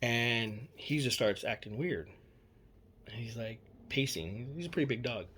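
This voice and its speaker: A man's voice: medium pitch, lively intonation, a little slow, fairly bright tone, a little hiss or hum. Young man, casual storyteller; loose, repetitive, swears a lot. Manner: rambling, repeats himself, many fillers and swearing. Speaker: storyteller recounting a personal experience. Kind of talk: casual spoken account.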